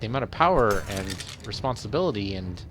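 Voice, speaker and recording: A man's voice: lowish voice, animated, a little fast, noisy background, natural voice. A man voicing a greedy fairy-tale wife who keeps demanding more, speaking in a wheedling, insistent way.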